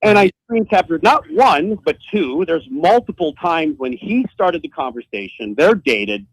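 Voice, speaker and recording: A man's voice: on the high side, unhurried, slightly rough, no room sound, low-quality recording. A man telling a heated story as a guest in a casual interview, swearing often and restarting his sentences. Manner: profane, heated and animated, frequent restarts.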